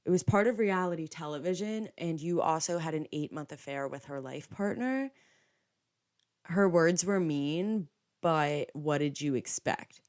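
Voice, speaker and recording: This young podcast host speaks at a measured pace, her notably low voice carrying a darkish tone. In a casual monologue she chats loosely, leaning on "like" and shifting into quoted dialogue to retell events.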